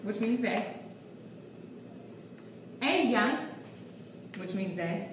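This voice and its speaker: A woman's voice: medium pitch, moderate pace, slight background noise. A woman teaches a Spanish lesson at a whiteboard in a chatty manner, checking in with her class every few lines. She is heard from some distance in an echoey classroom. Faint room ambience sits under her voice. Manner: chatty, checks in often with okay and bien.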